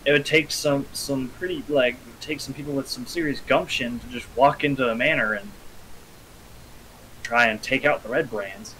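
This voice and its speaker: A man voicing a young, uneasy male ruffian recruit who talks in a halting, hesitant way. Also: mid-range voice, pushed and bright, slight background noise, natural voice, rough recording.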